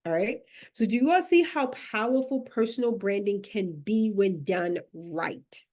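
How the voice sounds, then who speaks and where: A woman leads a live online masterclass as a career and branding coach. Her voice is animated and lively, rising and falling freely. She stays emphatic with her audience and laughs often. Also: mid-range voice, measured pace.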